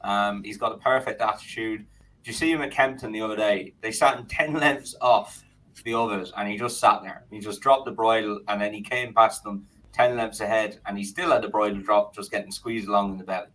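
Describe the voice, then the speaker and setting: Guy on a racing podcast, low voice but bright, laid back and measured, lots of ums. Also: rough recording. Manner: relaxed, measured, frequent hesitations. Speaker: podcast co-host. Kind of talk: casual betting chat.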